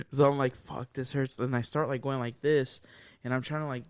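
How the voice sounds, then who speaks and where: A mid-pitched man co-hosting a podcast, telling a story in casual conversation. He is animated and profane, and keeps chuckling through his own story. He sits close to a dry, deadened mic. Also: moderate pace, clean tone, no room sound. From United States. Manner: animated, swears a lot, laughs while telling stories. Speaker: podcast co-host.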